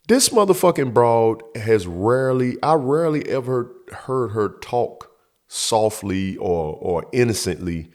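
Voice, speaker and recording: A man's voice: medium pitch, sing-song, unhurried, darkish tone. A man hosting his show, telling a story from his youth in a profane, emphatic way, acting out the scene. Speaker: show host. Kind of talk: storytelling monologue.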